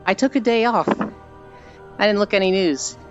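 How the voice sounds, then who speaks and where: A streamer rambles through stories in a loose, chatty way, sighing often and sounding tired and sweaty from walking. The voice sits in a middling pitch. The stream audio is a bit dull, with faint music underneath. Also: moderate pace. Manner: chatty storyteller with frequent tired sighs. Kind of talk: casual rambling chat while walking on stream.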